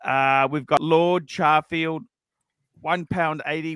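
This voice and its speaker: A man's voice: on the high side, steady tone, slow pace, a bit bright, smooth, no room sound. A man hosting a casual livestream, reading out donations and rambling with many restarts. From Australia. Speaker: livestream host.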